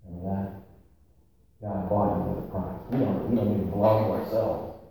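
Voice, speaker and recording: A male pastor preaching a sermon with emphasis, repeating key phrases slowly. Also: deep voice, steady tone, warm tone, slight background noise. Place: large echoey church sanctuary. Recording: echoey hall from far off.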